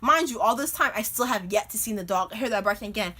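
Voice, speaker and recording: Bright-voiced chatty young woman vlogger. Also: medium pitch, fast. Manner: animated, chatty, filler-heavy with lots of "like". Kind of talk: casual storytime.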